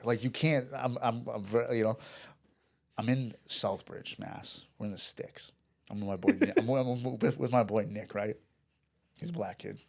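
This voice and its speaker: A man's voice: on the low side, steady tone, moderate pace, vocal fry. A man telling a story in a casual chat, rambling and profane, with restarts and acted-out dialogue. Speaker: podcast guest.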